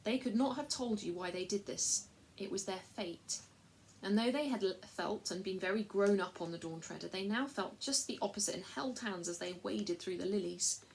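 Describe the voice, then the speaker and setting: Brief: woman reader, measured storybook narration, middle-pitched, faint hiss behind. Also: gravelly. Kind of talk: storybook read-aloud.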